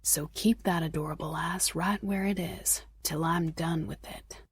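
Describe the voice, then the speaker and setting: A woman narrator voicing a bossy, teasing male sheriff in an audiobook, in a low, hushed and commanding tone. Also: steady tone, a little slow, slightly rough, no room sound, studio quality.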